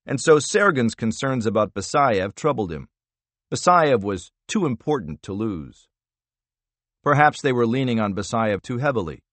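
A man reading a thriller audiobook in measured, expressive narration. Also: medium pitch, dry recording.

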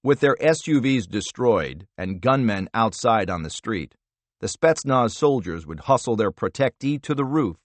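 A male audiobook narrator reads a thriller in a measured, expressive way. His pitch moves a lot, giving the narration lively swings. The recording is close and dry. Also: dry recording.

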